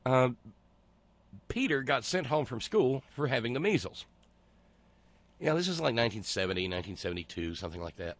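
A man hosting a talk show, speaking in a sarcastic, halting way with many fillers and restarts. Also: mid-range voice, very animated. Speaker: host. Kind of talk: casual commentary.

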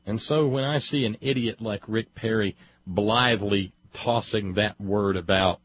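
A man's voice: on the low side, measured pace, no echo. A man giving an impassioned opinion monologue as a commentator, emphatic and building long lists with rising force. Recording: dull lo-fi dry recording.

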